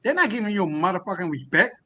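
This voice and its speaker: A man from the United States, a guest in a discussion, talking in a heated, impassioned rant that often rises toward a shout. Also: high-pitched, sing-song, fast, poor audio. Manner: impassioned, profane, often raising his voice to near shouting. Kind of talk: heated ranting talk.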